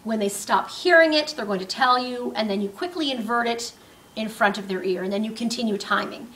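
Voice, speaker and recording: A woman teaching a clinical skills demonstration, explaining step by step with frequent pauses and fillers. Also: fairly high pitch, a bit bright. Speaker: nursing instructor. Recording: roomy, distant mic with faint ambience.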